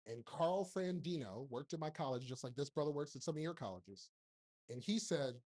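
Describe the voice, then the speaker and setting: A man's voice: a little high, lively intonation, moderate pace, darkish tone. A man in his forties giving a blunt, joking motivational talk on stage to a live audience, speaking into a handheld microphone and firing off rhetorical questions. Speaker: keynote speaker and TV producer.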